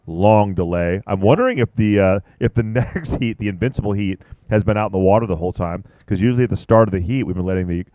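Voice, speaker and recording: A man commentating live at a surfing contest, chatty and excitable, rambling about boards and waves. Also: fairly low pitch, fast talker, few pauses, dry recording, highs cut off.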